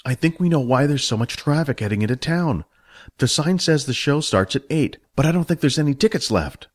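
A man voicing Jack, a cheerful streetwise young man, in a brighter, higher voice than his narration. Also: brisk, no room sound. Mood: upbeat. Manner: reassuring, lively, higher-pitched.

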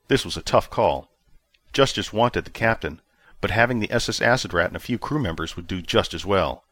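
A man reading a story as narrator, with clear, expressive storytelling. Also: lowish voice, a little fast, no echo. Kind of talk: scripted narration.

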